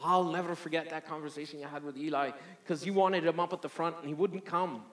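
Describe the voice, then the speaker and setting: Dude doing a fond newfie wife, bit higher voice, echoey hall. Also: male voice, fairly even intonation, fast talker, fairly bright tone, close to an everyday voice. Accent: mock Newfoundland. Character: fond older wife with a soft Newfoundland-style lilt.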